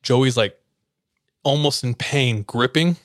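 A man's voice: mid-range voice, slow, no room sound, clean studio sound. Man casually telling an eerie story. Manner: loose and conversational, many filler "like"s, acts out quoted lines.

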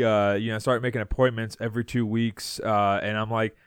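A young man co-hosting a podcast, talking casually in halting bursts with repeated words. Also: lowish voice, level tone, smooth, no echo, clean studio sound. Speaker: podcast co-host. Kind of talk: casual chat.

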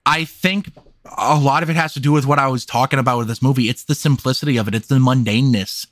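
A man's voice: medium pitch, fairly even intonation, quick pace, fairly bright tone, no echo. A man hosting a casual movie podcast, talking emphatically and swearing freely into a close mic. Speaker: podcast host. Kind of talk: casual film discussion.

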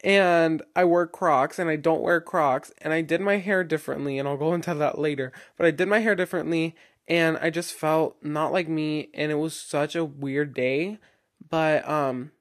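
Rambling young man podcasting, higher voice. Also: fairly even intonation, normal speed. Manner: rambling, chatty, heavy filler "like", frequent restarts. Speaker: podcast host. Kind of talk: casual solo podcast monologue.

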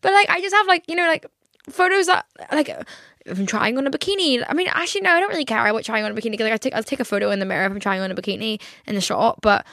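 A woman's voice: fairly high pitch, very fast, fairly bright tone, no echo, studio quality. A young woman in her twenties hosting a casual solo podcast, rambling, swearing a lot and acting out her own reactions. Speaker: podcast host.

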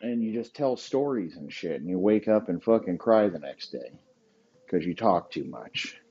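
Low, husky man ranting crudely. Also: animated, moderate pace, warm tone, highs cut off. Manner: crude, riffing, rambling, laughs at own jokes. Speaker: podcast host. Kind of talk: profane comedic rant.

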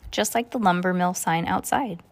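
A woman's voice: fairly low pitch, normal speed. A woman reading a novel aloud in a casual way, with small slips and asides. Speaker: reader.

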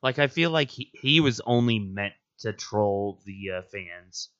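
A man's voice: on the low side, expressive, measured pace, a bit bright, no echo, lo-fi sound. A man co-hosting a gaming podcast in casual chat, laid-back and hesitant. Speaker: podcast co-host.

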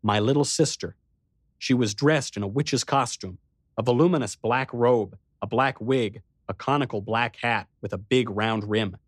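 A man narrating an audiobook in the first person, steady and measured. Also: mid-range voice, no echo, studio quality.

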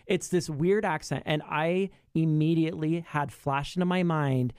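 A podcast co-host chatting casually and expressively about films, with quick asides. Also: medium pitch, steady tone, a little mellow, clear, resonant tone, no echo, clean studio sound. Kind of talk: casual film review chat.

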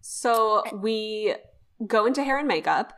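A woman's voice: medium pitch, takes it slowly. Chatty woman podcast co-host recapping a show. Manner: chatty, wry, recaps the plot in a relaxed way. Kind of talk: casual chat recapping a TV show.

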